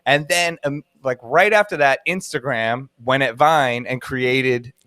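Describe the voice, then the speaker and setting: A man's voice: mid-range voice, measured pace, sharp tone, no room sound. A man in his thirties, a DJ guest telling a story in casual chat, rambling with lots of fillers and laughs.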